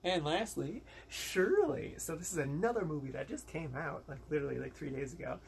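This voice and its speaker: A man's voice: a little high, animated, brisk, creaky, slight background noise. A young American man giving a casual, rambling movie review, frank and exasperated, with lots of fillers and quoted asides. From United States.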